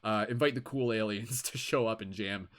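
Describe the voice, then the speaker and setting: Laid-back swearing livestream host. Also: male voice, lowish voice, moderate pace. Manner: animated, laid-back, swears and laughs often. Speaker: tarot reader and livestream host. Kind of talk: casual livestream chat.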